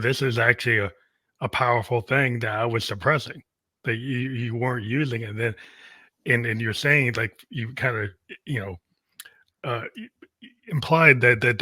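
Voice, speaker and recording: A man's voice: mid-range voice, bright, forceful tone, no echo. A man hosting a podcast interview, talking in a casual, rambling way full of fillers. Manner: rambling, many fillers and restarts. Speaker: podcast host.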